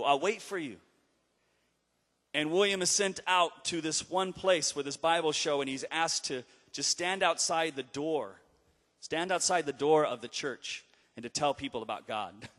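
A fairly high-voiced man preaches through a story, driving points home loudly, then dropping to a hush. His voice hangs in a hall with a long, trailing reverb. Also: moderate pace. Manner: emphatic, swings from loud exhortation to hushed retelling. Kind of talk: storytelling sermon.

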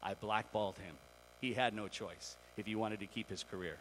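A man's voice: a little high, normal speed, slight background noise, lightly acted. Bossy career woman, put on by a male preacher, urgent, confessional, sermon storytelling. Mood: confessing.

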